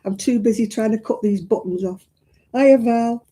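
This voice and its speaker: Crocheting on a live stream, this woman greets her viewers and fusses aloud as she goes, keeping the chat casual. She talks at a moderate pace in a warm, deeply mellow voice, with homely phrasing and plenty of exclamations.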